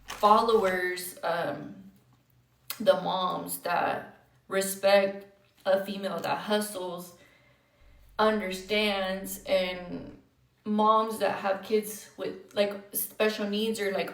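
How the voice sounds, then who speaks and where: A young woman talks on a phone livestream, emotional and close to tears, blunt and sprinkled with profanity and Spanish words. Her voice sits in a middle pitch for a woman. The sound is roomy and she is a little away from the mic. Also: recorded from a distance. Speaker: livestreamer answering viewer comments. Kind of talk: candid emotional livestream chat.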